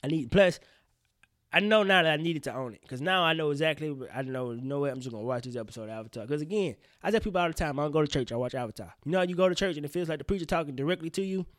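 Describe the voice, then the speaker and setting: A man hosting a casual solo podcast, rambling in slang with profane, animated outbursts. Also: fairly high pitch, very fast, no room sound, clean studio sound. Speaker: podcast host.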